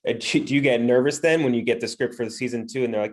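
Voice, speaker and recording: A man's voice: mid-range voice, steady tone, quick pace, few pauses. A man hosting a podcast, asking chatty interview questions. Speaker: podcast host.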